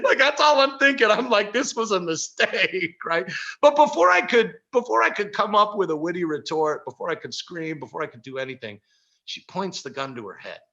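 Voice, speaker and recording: A middle-aged man telling a story at a workshop, animated, with many fillers and frequent laughs. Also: sits high, fairly quick, gravelly, highs cut off. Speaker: workshop speaker. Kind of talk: storytelling talk. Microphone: video call.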